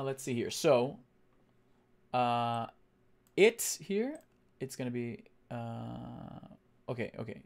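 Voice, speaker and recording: A young man on a casual live stream, thinking aloud as he works and chatting back to his viewers, with lots of halting fillers and restarts. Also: mid-range voice. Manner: thinks aloud, reads chat and answers it.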